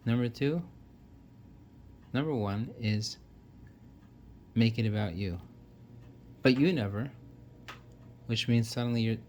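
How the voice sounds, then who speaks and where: Earnest low-voiced man explaining. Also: a little mellow, a little hiss or hum. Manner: earnest, listing points with frequent restarts. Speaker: self-help speaker. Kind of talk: casual explanatory monologue.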